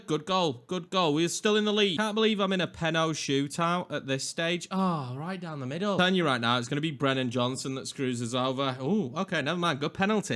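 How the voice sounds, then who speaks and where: A young man with a Yorkshire accent giving casual, excitable commentary over a football video game, chatty and quick to swing between hype and grumbling. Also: on the high side. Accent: Northern English (Yorkshire). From England. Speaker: gaming YouTuber.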